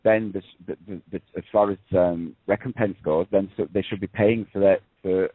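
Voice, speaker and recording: A man co-hosting a talk show with a low, husky voice, emphatic but tripping over his words. The sound is dry and narrow, like a phone line. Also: fairly even intonation, normal speed, no room sound. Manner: emphatic, stammering restarts. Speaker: radio co-host. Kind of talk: casual talk-radio chat.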